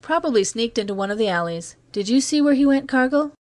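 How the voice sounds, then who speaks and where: A woman's voice: on the high side, animated, quick pace, darkish tone, pitched above the performer's own voice, close to an everyday voice. A woman reading the lines of a seasoned older male space guard, blunt and sober. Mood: gruff.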